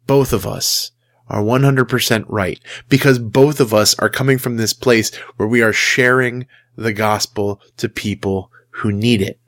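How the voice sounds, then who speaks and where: A man's voice: fairly low pitch, fairly even intonation, unhurried, a bit bright. A man giving a casual sermon in a conversational, emphatic way, acting out the quotes he tells. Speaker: Christian speaker.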